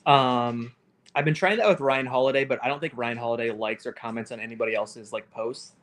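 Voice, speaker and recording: A man's voice: mid-range voice, fairly even intonation, a little fast, a bit bright. Rambling man on a live stream call. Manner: rambling, heavy on fillers like "like" and "um". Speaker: co-host. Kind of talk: casual livestream chat.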